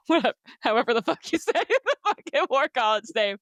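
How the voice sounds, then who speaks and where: A woman co-hosts a casual book podcast, talking animatedly, swearing freely and acting out characters' lines. Her voice is fairly high and fairly bright, with lively intonation and a brisk pace, recorded cleanly in a studio with no room sound.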